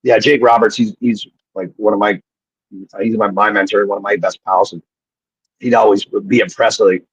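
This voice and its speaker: A man's voice: on the low side, fairly even intonation, moderate pace, slightly rough, no room sound. A man, a former wrestler, telling rambling, profane stories as a guest in casual chat, heard through dull lo-fi remote audio. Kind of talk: casual storytelling.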